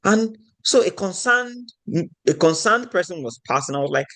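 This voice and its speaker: A man with a fairly high voice teaches a room of listeners. He speaks in a motivational lecturing style and keeps checking in with them through rhetorical questions. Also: animated, normal speed, pushed and bright. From Nigeria. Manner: asks the audience rhetorical questions.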